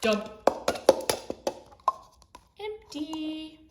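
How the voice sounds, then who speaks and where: Slow, gentle woman hosting a toddler lesson. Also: high-pitched, very animated. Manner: gentle, slow, sing-song teacher talk. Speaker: children's show host. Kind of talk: early-learning lesson for toddlers. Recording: echoey room with background noise.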